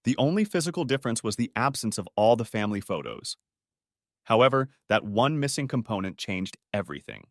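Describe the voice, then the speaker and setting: A man narrating a first-person audiobook story in a reflective, emotional way. His voice is lively, rising and falling widely. The recording is close and dry. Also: medium pitch, no echo.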